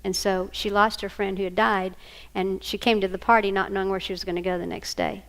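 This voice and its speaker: A woman speaking fairly quickly at medium pitch runs a workshop for a live audience. She's an animated storyteller who regularly checks in with those listening.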